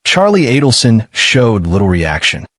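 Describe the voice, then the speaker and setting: A man narrating a true-crime documentary in a measured, scripted way. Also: on the low side, very animated, fairly bright tone, dry recording, clean studio sound.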